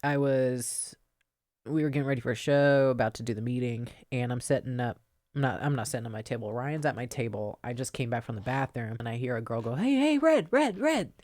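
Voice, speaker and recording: A woman's voice: extremely low pitch, fairly quick, dry recording. A woman, a podcast co-host and pro wrestler, telling stories in a casual studio chat and laughing often as she talks. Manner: animated storyteller who laughs often.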